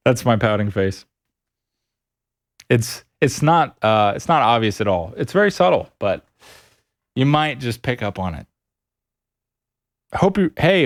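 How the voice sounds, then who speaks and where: A man's voice: mid-range voice, big pitch swings, unhurried, long pauses. A man streaming a video game live, upbeat and playful as he chats with his viewers. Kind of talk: casual live-stream chat while gaming. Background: game music.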